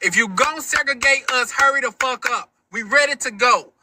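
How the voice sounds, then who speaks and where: A man's voice: very high-pitched, moderate pace, background noise. A man ranting to camera in a profane, defiant, emphatic way. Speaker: social media commentator.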